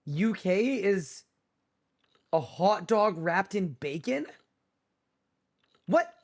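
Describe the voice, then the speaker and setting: Very animated and high-pitched, this game streamer draws out his words as he trades playful, incredulous banter with his live chat in a casual livestream.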